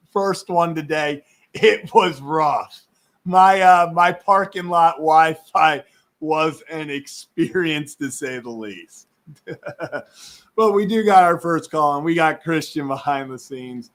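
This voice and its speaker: A man's voice: a little high, slow pace, a bit bright. A man hosting a casual live sports stream, chatty and rambling, laughing often, who says his voice is going.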